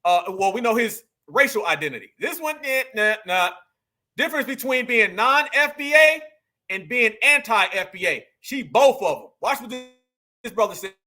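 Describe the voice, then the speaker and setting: A man hosts a talk stream, reacting to clips and speaking straight to his audience. His voice sits very high and rings bright and forceful. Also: normal speed. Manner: animated, addresses viewers as family and y'all. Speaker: host of a political commentary channel. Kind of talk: casual commentary reacting to clips.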